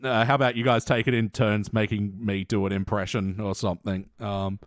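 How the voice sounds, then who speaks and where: A man's voice: fairly low pitch, flat delivery, a little fast, no echo, clean studio sound. A man hosting a comedy podcast, joking playfully and often laughing. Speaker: podcast host. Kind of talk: casual comedy podcast banter.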